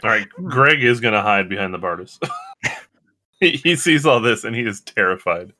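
A man's voice: fairly low pitch, animated, moderate pace, pushed and bright. A man playing in a tabletop game, stating his character's actions in a matter-of-fact way. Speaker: player. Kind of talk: casual chat during a tabletop game.

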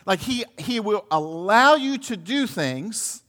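A man with a fairly high voice delivers a sermon in an easy, conversational way. He circles back and repeats himself as he hunts for the words, and drops in a few small laughs. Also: animated, slow, bright, forceful tone. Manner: conversational preaching with many restarts and laughs. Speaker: pastor.

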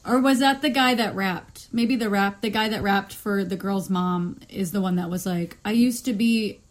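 Woman host, easy podcast banter, lively quoting voices, cursing. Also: medium pitch, moderate pace. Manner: animated, swears freely, acts out quotes. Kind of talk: casual chat.

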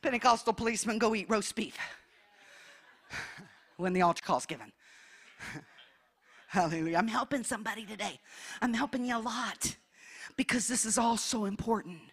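A woman in her sixties preaching a Pentecostal sermon, fervent, calling out hallelujahs and swinging from loud exclamations to hushed storytelling. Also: fairly high pitch, fairly quick, long pauses, breathy edge. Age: 60s.

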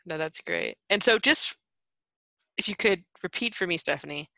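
A woman's voice: on the low side, expressive, moderate pace, creaky, bright, forceful tone, dry recording. A woman hosting a casual chat, curious and hedging with fillers. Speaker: host.

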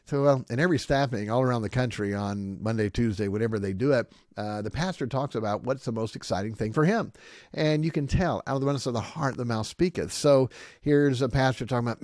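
A male pastor speaks emphatically on his own podcast, in a voice of middle pitch. He keeps checking in with "okay?" and acts out other people's words with lively swings. The sound is dry and close, with no room echo. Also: fast talker. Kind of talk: podcast monologue.

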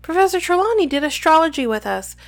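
A woman's voice: a little high, expressive, fairly bright tone. A woman doing an eager schoolgirl. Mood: excited. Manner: quick and eager. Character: excitable teenage girl student.

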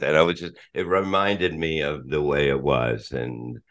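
A man's voice: a bass voice, steady tone, measured pace, few pauses, a bit bright. A middle-aged man chatting casually as a podcast guest, rambling and swearing, restarting sentences and laughing often.

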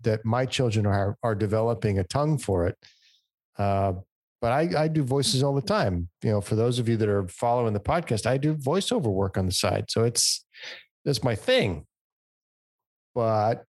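A man's voice: on the low side, a little mellow, no echo. A man from the United States co-hosting a podcast, talking eagerly and swearing freely in casual chat. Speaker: podcast co-host.

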